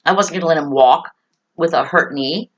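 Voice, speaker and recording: A woman's voice: deep voice, moderate pace, dull audio. A woman hosting a talk show, speaking earnestly and emphatically to parents and children, repeating key phrases to reassure them. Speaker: host.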